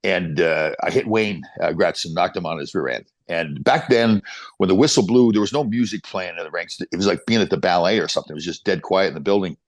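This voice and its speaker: A man in his sixties, a podcast guest telling animated stories with quick restarts. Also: deep voice, no room sound. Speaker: podcast guest, former pro hockey player. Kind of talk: casual storytelling interview.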